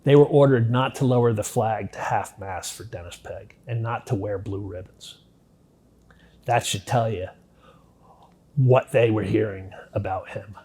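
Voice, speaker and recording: Somewhat slow and lowish in pitch, an interview guest candidly and bluntly recounts his life story. Swearing comes easily to him, and he goes nearly quiet at grim points.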